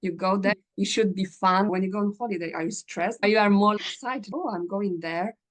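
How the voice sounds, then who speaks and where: A woman's voice: medium pitch, a little fast. A woman hosting a podcast, telling stories with frequent laughter. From Poland. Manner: laughs often, animated storytelling. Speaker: podcast host and English teacher. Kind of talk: casual interview chat.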